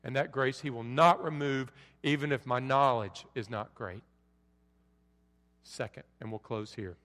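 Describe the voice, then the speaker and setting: A middle-aged male pastor preaching a sermon, swinging from soft pleading lows to loud forceful peaks. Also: measured pace. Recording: long reverb of a large hall.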